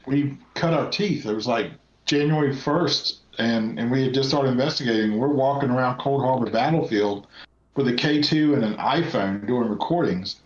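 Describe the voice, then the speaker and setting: A man's voice: medium pitch, moderate pace. An American man, a guest paranormal investigator, recounting field recordings in rambling casual chat with many restarts. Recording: echoey, dull lo-fi sound.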